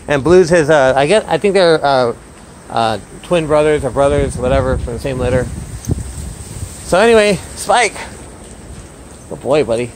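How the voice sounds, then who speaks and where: A man's voice: mid-range voice, lively intonation, moderate pace, long pauses, a little hiss or hum, low-quality recording. A man vlogging as a dog trainer, explaining his dogs' behaviour and calling out to them by name. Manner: upbeat, calls out to dogs between explanations. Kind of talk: casual vlog commentary. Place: outdoors in a yard with dogs.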